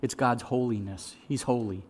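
A middle-aged man preaching a sermon as pastor, swinging from loud, lively storytelling to hushed, slow emphasis. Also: mid-range voice, slightly rough.

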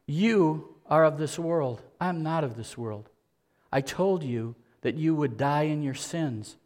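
Emphatic male preacher, higher-pitched. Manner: repetitive, emphatic preaching with rhetorical questions. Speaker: pastor. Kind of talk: sermon.

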